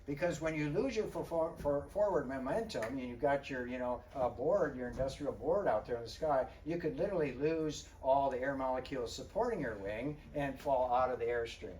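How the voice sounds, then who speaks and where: A man, a wildlife biologist, giving a lively illustrated talk to an audience, chatting, quizzing his listeners and often clearing his throat. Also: mid-range voice, brisk, hardly any pauses. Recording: roomy, distant mic, faint background noise.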